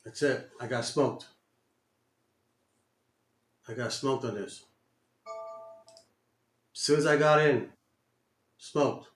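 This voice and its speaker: A man's voice: medium pitch, sing-song, very slow, long pauses. A man giving live commentary on his own day trades, muttering, cursing and repeating himself in frustration. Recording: roomy echo.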